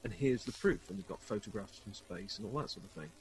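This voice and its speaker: A man's voice: fairly low pitch, quick pace, poor audio. A man narrating a tabletop role-playing game as game master, hesitant and rambling, joking about his own limits. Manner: rambling, hesitant, self-deprecating.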